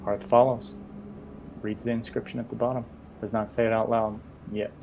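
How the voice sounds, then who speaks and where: A man's voice: medium pitch, little pitch movement, normal speed, gravelly, dark tone, a little hiss or hum. A man playing a tabletop game who describes his character's actions in a thoughtful, rambling way. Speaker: player.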